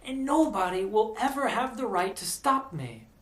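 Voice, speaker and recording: An American man telling a personal story in a casual, animated way, acting out the voices of the people he quotes. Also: sits high, normal speed. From United States. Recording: echoey room.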